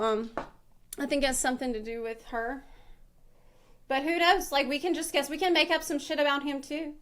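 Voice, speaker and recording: High-voiced woman streamer rambling. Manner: rambling, laughing, swearing freely. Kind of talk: live reaction commentary.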